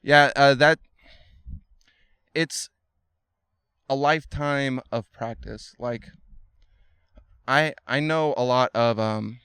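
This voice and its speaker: A man talking as a podcast guest, explaining things thoughtfully and slowly, with many fillers and restarts. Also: mid-range voice, fairly bright tone, clean tone, no echo, studio quality. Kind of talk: casual conversation.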